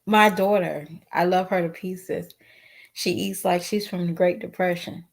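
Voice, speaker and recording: A woman's voice: lowish voice, fairly even intonation, a little slow, creaky. A woman vlogger talking straight to her viewers in a casual, outspoken, emotional way, sometimes tearful with a cracking voice. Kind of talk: casual commentary vlog.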